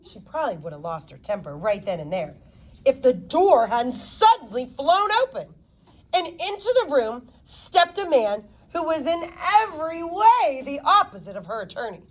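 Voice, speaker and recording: A woman narrating a novel as an audiobook, with expressive storytelling. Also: sits high, moderate pace. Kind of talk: scripted narration.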